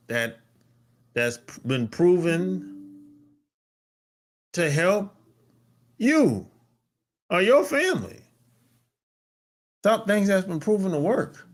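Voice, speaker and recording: A man holds forth on his podcast in a casual monologue. He talks bluntly and emphatically, with a lot of swearing. His voice sits a little high and swings widely in pitch. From North America. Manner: blunt, profane and emphatic, with sudden pitch jumps. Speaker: podcast host.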